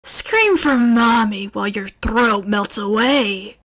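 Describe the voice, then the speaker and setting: A woman reading a podfic, voicing a manic young male fire villain who taunts and snarls loudly. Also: fairly high pitch, slow pace. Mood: menacing. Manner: snarling, loud, gleeful menace.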